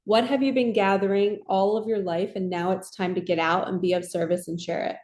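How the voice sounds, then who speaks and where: A woman giving a casual spiritual card reading in a soft, reassuring, affirming way. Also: medium pitch, steady tone, brisk. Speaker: tarot and oracle card reader. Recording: echoey room.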